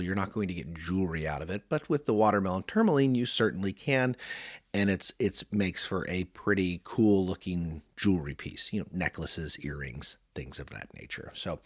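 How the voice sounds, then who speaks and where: Enthusiastic, rambling man in his forties, podcast host; lowish voice, dry sound. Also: no echo. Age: 40s. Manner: chatty, rambling, enthusiastic storyteller. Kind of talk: casual product review chat.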